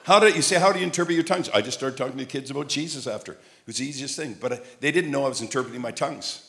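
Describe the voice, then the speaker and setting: A man's voice: mid-range voice, lively intonation, quick pace. Joking older male preacher from Montreal. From Montreal, Canada. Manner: humorous storytelling, shouting up to loud emphatic peaks. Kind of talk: sermon.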